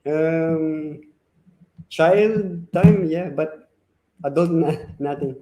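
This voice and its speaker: A man's voice: on the high side, very slow, warm tone, a little hiss or hum. A man with a Filipino accent giving short, hesitant answers as a co-host guest, mixing English and Tagalog. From Philippines. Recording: roomy call audio.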